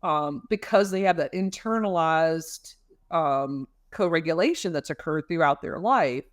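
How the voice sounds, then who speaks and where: A mid-pitched speaker gives thoughtful explanations on a podcast, drawing on research and plain comparisons to help parents. The delivery is measured and full of small fillers, recorded close and dry. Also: dry recording. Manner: thoughtful, explains with everyday analogies, many fillers. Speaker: parenting counselor or expert guest.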